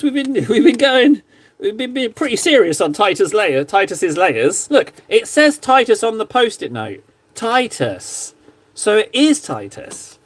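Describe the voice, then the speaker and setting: A man casually chatting to his stream viewers while painting models, joking around and sometimes mock-shouting at them. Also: sits high, big pitch swings, unhurried. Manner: playful, jokey, mock-shouts insults at viewers. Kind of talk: casual live-stream chat.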